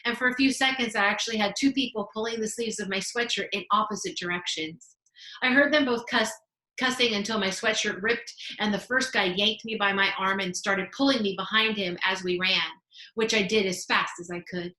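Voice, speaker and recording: Expressive woman reading a story aloud. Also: medium pitch, a little fast. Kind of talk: reading a children's novel aloud. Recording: roomy echo.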